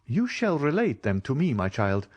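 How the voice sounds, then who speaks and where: A man's voice: mid-range voice, wildly swooping pitch, breathy edge, no room sound, dull audio, pitched above the performer's own voice. A man reading the part of a courteous, mysterious count in an audiobook. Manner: courteous, measured.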